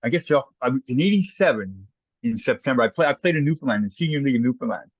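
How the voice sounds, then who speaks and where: Fast-talking Canadian man telling stories. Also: medium pitch, husky, dry recording, lo-fi sound. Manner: animated anecdotes, acts out quoted voices. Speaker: guest, former hockey player. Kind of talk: casual storytelling.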